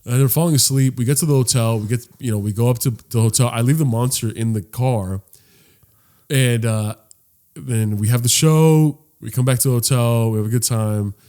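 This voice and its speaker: A young man co-hosting a podcast, telling a story in a loose, animated way, swearing freely and jumping high in pitch when he quotes people. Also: moderate pace. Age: young adult. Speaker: podcast co-host. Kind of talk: casual storytelling chat.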